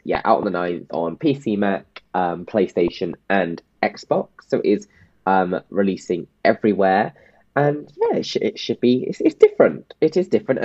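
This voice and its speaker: Very low-voiced man on a dull, dry mic. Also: a little mellow, husky, no room sound. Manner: rambling, hesitant, laughs often. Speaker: podcast co-host. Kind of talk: casual podcast chat.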